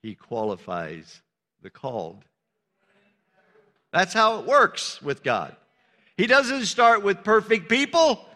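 An older pastor preaches a sermon conversationally, frequently calling out "Amen" and joking at his own expense. His voice is high, very animated, pushed, and bright, and he speaks slowly with frequent pauses. The long reverb of a large hall fills the recording.

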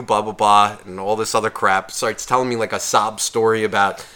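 With a smooth, fairly low voice at normal speed, a podcast co-host shares a bar story in relaxed chat. He curses a lot and brings the tale to life by mimicking what others said in varied voices.

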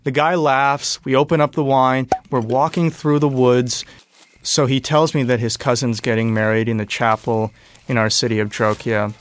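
A man's voice: mid-range voice, fairly even intonation, moderate pace, slight background noise. A man telling a personal story on a radio show, laughing now and then and acting out the voices of people in it.

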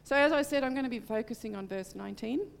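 A woman's voice: a little high, fast talker, gravelly, long reverb tail. A middle-aged woman preaching in church, telling a personal testimony in an earnest, heartfelt way. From Australia. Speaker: church speaker.

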